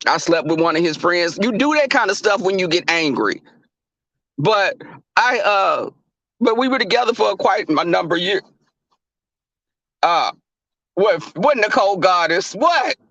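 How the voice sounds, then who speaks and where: A man's voice: high-pitched, lively intonation, measured pace, long pauses, a bit bright, dry recording, dull audio. A young man hosting a casual livestream, talking animatedly and profanely, laughing and calling out viewers in the chat. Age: young adult. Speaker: livestream host.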